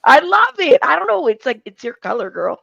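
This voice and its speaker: A woman in her thirties hosts a livestream in an upbeat, chatty way. Her voice has a gravelly fry and sits fairly high. The sound is dry and a little dull. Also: big pitch swings, brisk, sharp tone, no echo. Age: 30s. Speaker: livestream host. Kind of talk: casual livestream chat.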